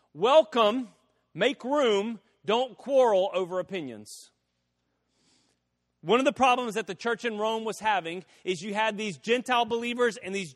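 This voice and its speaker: A man preaching a sermon, acting out a story with quoted voices and swinging from loud to hushed. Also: sits high. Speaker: pastor.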